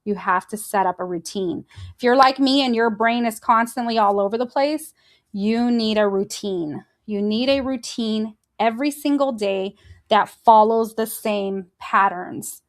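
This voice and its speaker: A middle-aged woman hosting a faith-based motivational podcast, animated, laughing often and acting out inner voices. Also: a little high, a little slow. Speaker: podcast host.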